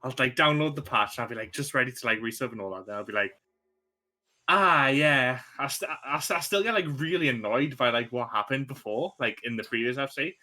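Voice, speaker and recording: A man with a northern English accent chatting on a casual podcast over a voice call, giggly and animated when telling stories. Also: mid-range voice, fast, hardly any pauses. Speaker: podcast guest. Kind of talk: casual chat. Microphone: desk podcast mic over voice call.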